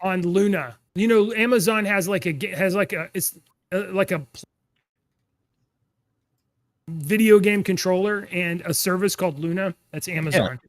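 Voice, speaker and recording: A man in his thirties co-hosting a podcast, chatting casually and telling animated, rambling stories with laughs. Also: high voice, normal speed, pauses often, dry recording. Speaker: podcast co-host. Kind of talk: casual chat.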